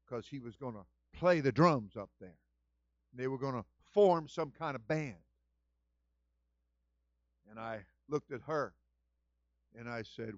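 Male senior pastor, sermon delivery, repeats lines for emphasis, swings from hushed to loud. Dry, muffled recording. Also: a little high, no echo. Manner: swings from quiet storytelling to shouted exhortation.

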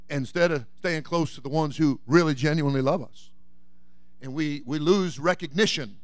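A pastor man with a high voice preaches a sermon, storytelling in a folksy way and climbing to shouts. His tone is bright and forceful, and the sound is dry and close. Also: no echo. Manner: fiery preaching that builds to shouting.

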